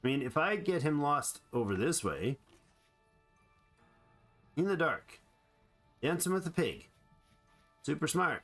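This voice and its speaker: A man's voice: fairly high pitch, very animated, slow pace, long pauses, a bit bright, faint music behind. A man giving playful, rambling let's play commentary on a survival game, chatting to the animals he meets. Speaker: gamer.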